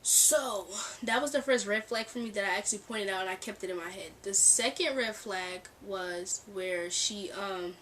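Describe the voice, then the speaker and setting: A young woman casually telling a storytime vlog, animated and laughing, acting out the lines of the people in her story. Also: medium pitch, normal speed, hardly any pauses, far from the mic, a little hiss or hum. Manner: animated, acts out quoted dialogue, laughs often. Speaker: storytime vlogger. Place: bedroom near a street. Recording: mic set back, faint background ambience. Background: cars passing outside.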